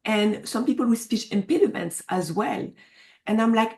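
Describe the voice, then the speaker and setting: A woman's voice: a little high, normal speed, darkish tone, a little hiss or hum. A woman from France speaking English with a French accent, an author guest talking earnestly and thoughtfully in a casual interview.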